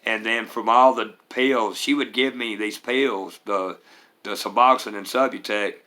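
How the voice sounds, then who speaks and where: Slightly slow, with a lowish, pushed, bright voice and fairly even intonation, a middle-aged man gives personal testimony about recovering. He speaks earnestly and rambles, dropping in Southern US phrasing.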